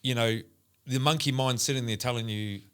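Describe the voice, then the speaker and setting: A man's voice: medium pitch, steady tone, a little fast, a bit bright, clear, resonant tone. A man in a casual podcast chat who rambles, swears often and keeps calling the other man mate and bro. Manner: rambling, profane, says mate and bro a lot.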